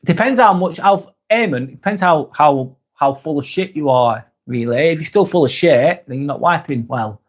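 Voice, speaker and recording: A man's voice: a little high, animated, moderate pace, hardly any pauses. A man in his forties with a Northern English accent, hosting a live stream and reading out chat comments, joking and rambling with frequent restarts. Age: 40s.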